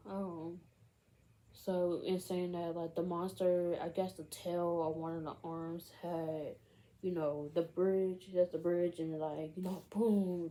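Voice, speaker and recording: A woman's voice: low voice, warm tone, rough recording. A woman casually retelling a film's plot in a rambling way, filling every gap with "like" and "you know". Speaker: film recap vlogger.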